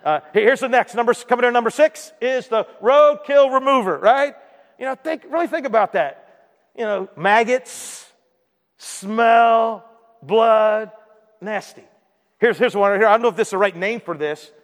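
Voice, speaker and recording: A man's voice: extremely high pitch, animated, a little fast. A man preaching a sermon as pastor, talking to the room in a conversational way and often asking the congregation "right?". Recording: long hall reverb.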